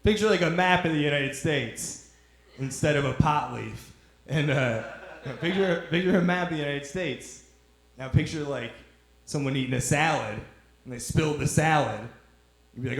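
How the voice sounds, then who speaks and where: A young man doing stand-up in a club, his voice a touch higher than usual. He rambles and teases the crowd in a loose drawl, and the room gives his mic a clear echo. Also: lively intonation, normal speed, long pauses. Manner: rambling, teasing the audience, drawling. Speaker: stand-up comedian. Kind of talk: stand-up comedy set. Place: comedy club stage.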